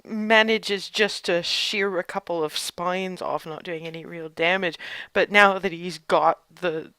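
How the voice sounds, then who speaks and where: A bright, crisp voice runs a tabletop game as its game master, switching between quick rules checks and vivid blow-by-blow narration. The sound is close and dry, with no room around it. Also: mid-range voice, fairly even intonation, dry recording.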